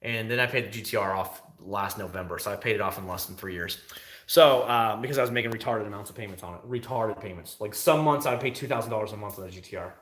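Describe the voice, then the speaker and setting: Chatty, bright-voiced male streamer. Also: lowish voice, fast, reverberant. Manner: animated, talkative, answers chat questions. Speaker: livestream host. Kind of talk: casual livestream chat.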